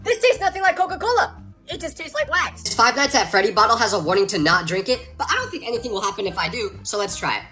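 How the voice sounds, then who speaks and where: A woman rattles off short comedy skits to the camera, playful and exaggerated. Her voice sits high and swings widely, and she talks fast. Faint music plays underneath. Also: sing-song. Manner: playful, exaggerated, quick punchlines. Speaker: comedy TikTok creator.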